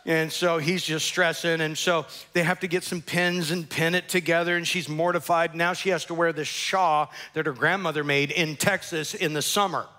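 Male pastor, sermon storytelling, animated, sharp bright voice. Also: a little high, normal speed, hardly any pauses. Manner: animated, acts out characters and sound effects.

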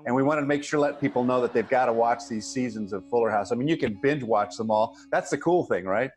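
A man's voice: medium pitch, fast talker. A middle-aged man hosting an interview, enthusiastic, complimentary and jokey. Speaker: interview host. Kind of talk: casual interview.

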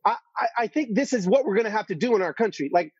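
Earnest high-voiced man telling a story. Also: quick pace, breathy edge, dry recording, highs cut off. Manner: earnest, animated storyteller with repeated restarts. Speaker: guest. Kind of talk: storytelling interview.

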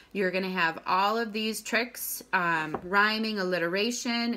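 Bright-voiced woman teacher. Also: lowish voice. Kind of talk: online lesson to schoolchildren.

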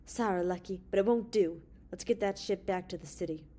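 Woman doing a tense male officer, insistent and accusing, raised voice, mellow timbre. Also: lowish voice, brisk, lightly acted. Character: tense male officer holding friends at gunpoint.

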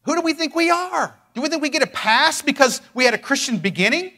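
A male pastor delivers a fervent sermon in a notably high voice. He swings between forceful proclamations and quiet, pleading passages, stretching his phrases out for emphasis. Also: animated, a little fast. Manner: fervent preaching, swings from loud declarations to hushed pleading.

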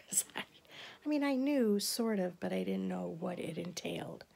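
A woman in her fifties telling a family story in casual chat, laughing often and slipping into soft, half-whispered asides. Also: mid-range voice, expressive, normal speed, gravelly. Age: 50s. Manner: chatty, laughs often while reminiscing. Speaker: vlogger.

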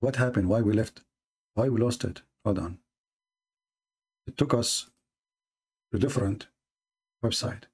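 A man hosting a religious debate show, speaking in a sarcastic, mocking way and reading texts aloud slowly. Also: a little mellow, husky. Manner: sarcastic, reads texts aloud slowly, mimics opponents in a high voice.

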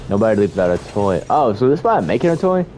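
Speaking rapid-fire in a lowish, slightly mellow voice with big pitch swings, a young man narrates his horror game playthrough as let's-play commentary. He mutters to himself, swears, and panics at frights, with a little hiss or hum in the recording.

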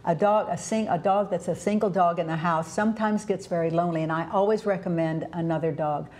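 A woman's voice: fairly low pitch, fairly even intonation, brisk. A middle-aged woman hosting a television talk show about dogs, chatting casually with restarts as she tells stories. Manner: chatty, warm-hearted storytelling about dogs with frequent restarts. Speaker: TV show host. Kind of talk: casual interview chat.

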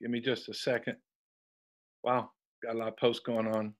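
A man co-hosting a talk show, reading viewer comments in a slow, measured way. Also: mid-range voice, flat delivery.

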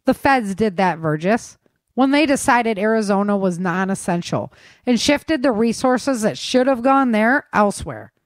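A woman's voice: medium pitch, big pitch swings, moderate pace, no echo, studio quality, pitched above the performer's own voice, natural voice. A woman reading a passionate, defiant young woman.

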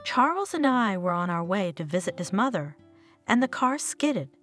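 A woman's voice: mid-range voice, big pitch swings, normal speed, a bit bright, faint music behind. Woman voicing a frightened injured young woman. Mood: tearful. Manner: pleading, tearful. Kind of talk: storybook narration.

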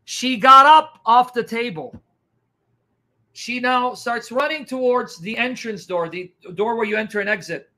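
A man's voice: very high-pitched, unhurried. A man telling a dramatic testimony as an evangelist, acting out what people did and said. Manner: animated, dramatic, acts out reactions. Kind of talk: testimony storytelling.

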